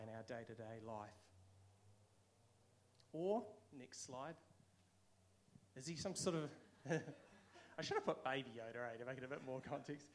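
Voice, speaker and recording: Man, new zealand accent, casual sermon, conversational, mid pitch. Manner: conversational, acts out quoted voices. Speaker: preacher.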